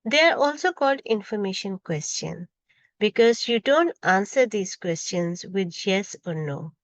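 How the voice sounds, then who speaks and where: A woman's voice: mid-range voice, lively intonation, measured pace, dry recording. A woman teaching an English grammar lesson, reading out example questions one by one and stressing each example.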